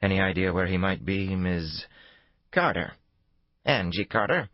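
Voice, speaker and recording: A male narrator voicing a sharp, composed female FBI agent. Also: low-pitched, lively intonation, measured pace, dry recording, highs cut off.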